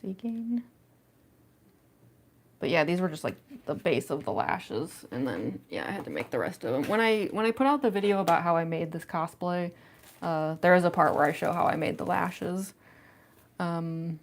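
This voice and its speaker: A woman's voice: on the low side, normal speed. A young woman chatting casually on a cosplay livestream from home, giggling often and answering chat, on a phone with a plug-in mic. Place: home room.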